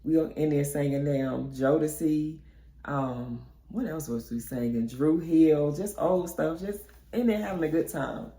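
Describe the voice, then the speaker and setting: A young woman vlogger telling a storytime in a chatty, animated way. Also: low voice, unhurried. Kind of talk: storytime narration. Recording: echoey room.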